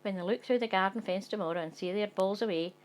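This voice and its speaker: A woman reads a darkly funny short story aloud, addressing the listener directly in a wry, conspiratorial way. Her voice sits at an everyday middle pitch, and she keeps it low and confiding before erupting into sweary indignation. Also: fast talker.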